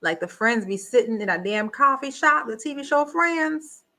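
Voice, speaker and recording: A woman's voice: sits high, animated, normal speed, pushed and bright. A woman hosting a live reality show review, talking bluntly and asking the same rhetorical questions again and again. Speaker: reaction host. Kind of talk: casual live review commentary.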